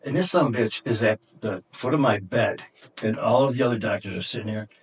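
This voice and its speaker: A man's voice: fairly low pitch, fast talker, breathy edge. A middle-aged man and podcast guest telling an intense, emotional story in conversation, profane and at times choked up. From Detroit area, USA.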